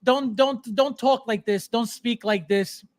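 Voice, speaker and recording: A man's voice: extremely high pitch, unhurried. Guy hosting a podcast, goes off mocking stuff, chatty and loose. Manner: mocking, animated ranting with frequent laughs. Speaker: podcast host. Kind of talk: casual podcast banter.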